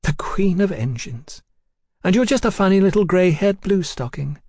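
A man's voice: expressive, normal speed, darkish tone, no echo, studio quality. A man voicing a flighty, forward Englishwoman living abroad, coaxing and pleading. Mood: mocking. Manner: coaxing, pleading, high-strung.

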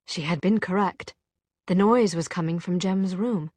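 Brief: woman audiobook narrator, slow and lowish, dry close sound. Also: darkish tone, dry recording. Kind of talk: scripted narration.

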